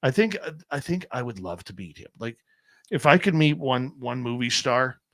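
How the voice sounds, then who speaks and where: A man's voice: mid-range voice, sing-song, normal speed, fairly bright tone, dry recording. A middle-aged Canadian man hosting a radio show, chatting casually and trailing off as he works the computer. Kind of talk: casual chat.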